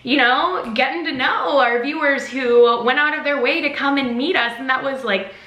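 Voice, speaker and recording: Bright chatty young woman vlogger. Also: sits high, moderate pace. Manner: chatty, full of "like" and "um". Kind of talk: storytime vlog. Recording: roomy echo.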